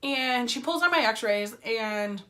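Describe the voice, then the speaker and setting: A woman's voice: a little high, lively intonation, takes it slowly, a bit bright. A woman telling a casual story-time vlog in a chatty, filler-heavy way, with wry sarcasm. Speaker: vlogger.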